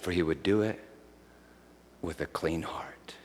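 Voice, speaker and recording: Preacher telling a story in a reverberant hall. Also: male voice, deep voice, a little slow, a little hiss or hum. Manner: dramatic storytelling that turns soft and meditative. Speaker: pastor. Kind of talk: sermon storytelling.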